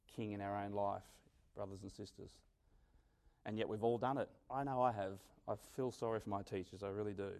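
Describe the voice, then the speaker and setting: A man preaching a sermon, telling stories with dramatic swings from loud to quiet. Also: medium pitch. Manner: animated storytelling, dramatic swings in loudness.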